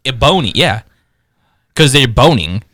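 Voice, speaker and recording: A young man on a podcast, trading crude jokes and laughing as he goes. His voice is bright and forward, recorded close on a dry mic with no room sound. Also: medium pitch, sing-song, a little slow, no echo. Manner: joking, laughs often, drawls some words. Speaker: podcast co-host. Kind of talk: crude casual banter.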